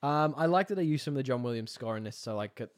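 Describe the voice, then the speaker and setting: A man's voice: medium pitch, animated, very fast. A man co-hosting a podcast, talking in an easygoing, enthusiastic way and thinking aloud with fillers. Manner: enthusiastic, talks through ideas with fillers. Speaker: podcast co-host. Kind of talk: casual chat.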